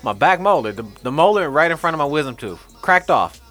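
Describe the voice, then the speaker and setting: A man on a podcast, chatting casually and telling a story in slangy, animated speech. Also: on the high side, a little fast, faint music behind. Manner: animated, slangy, laughs while telling stories.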